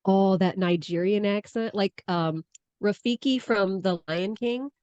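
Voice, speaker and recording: A woman with a slight Southern accent co-hosting a casual talk show, rambling and animated, laughing often. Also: medium pitch, measured pace, clear, resonant tone, no room sound. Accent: Southern US tinge, Michigan. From Michigan. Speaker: podcast co-host. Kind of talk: casual chat. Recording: dull lo-fi sound.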